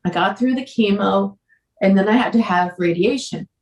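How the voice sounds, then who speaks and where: A woman podcast guest candidly telling a personal story, earnest and emotional, sometimes halting. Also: mid-range voice, a little mellow, recorded from a distance. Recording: roomy echo.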